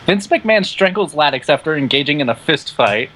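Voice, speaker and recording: A man's voice: on the high side, expressive, a little fast, a bit bright, a little hiss or hum, low-quality recording. A young man hosting a video, reading out simulated game events to friends and laughing along. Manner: laughing, joking reader. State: on pain medication. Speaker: video host.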